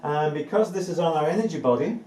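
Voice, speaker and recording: This man's voice is mellow and warm, fairly high in pitch, with lively intonation and a fast delivery. A spiritual teacher, he earnestly repeats key words for weight while addressing a live audience in an indoor room. He's captured from a distance in an echoey space, over a faint hum of ambient noise.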